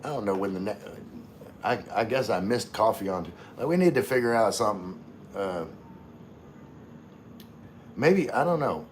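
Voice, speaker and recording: Man, lower pitch, livestream host, halting and filler-heavy, relaxed viewer chat. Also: slight background noise. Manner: halting, full of fillers and restarts. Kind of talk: casual live chat with viewers.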